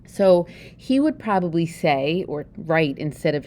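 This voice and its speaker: A woman's voice: sits low, very animated, a little slow, darkish tone, a little hiss or hum. A woman with a Pennsylvania Dutch accent giving a chatty, joking lesson and often asking the listener questions. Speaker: teacher. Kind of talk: informal video lesson.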